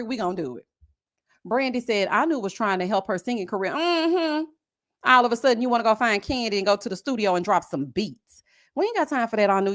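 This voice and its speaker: A sassy woman with a fairly high voice gives casual commentary on a reality show. She is animated and mocking, and she drops "honey" and "girl" into nearly every line. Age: adult with a son.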